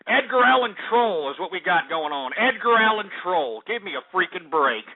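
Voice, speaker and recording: A man's voice: high voice, big pitch swings, normal speed, crowd noise. A male radio host ranting and swearing at callers on a call-in show. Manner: angry, insulting, swears at callers. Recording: phone-like lo-fi radio.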